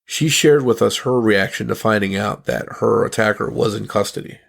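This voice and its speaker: A man hosting a podcast, reading scripted narration in a measured storytelling manner. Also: lowish voice, creaky. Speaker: podcast host.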